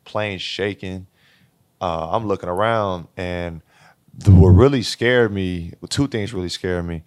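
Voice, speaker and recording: Deep-voiced young man telling a story. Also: a little slow, no echo. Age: 20s. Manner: animated, laughing storyteller, acts out quotes. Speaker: guest, college basketball player. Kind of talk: casual storytelling interview.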